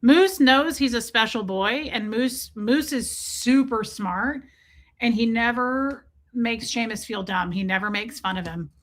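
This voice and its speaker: A woman's voice: on the high side, a little slow. A woman chatting casually on a live stream, talking with viewers about her pets, swearing freely and sometimes putting on silly voices for her cats.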